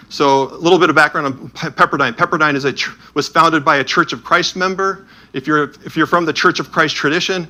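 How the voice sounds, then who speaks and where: A man speaks to an audience, and his voice sits a little high with a bright, forward tone. He tells anecdotes in an animated way, slipping into the voices of the people he met. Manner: animated anecdotal storytelling with asides. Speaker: speaker touring with a Bible edition. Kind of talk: storytelling talk.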